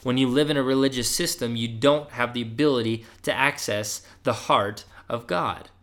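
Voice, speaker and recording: A man's voice: mid-range voice, normal speed, fairly bright tone. Man, young adult, casual podcast sermon, conversational, "right?" checks, emphatic pushes. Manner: conversational, often asks "right?", rises emphatically when urging. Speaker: preacher.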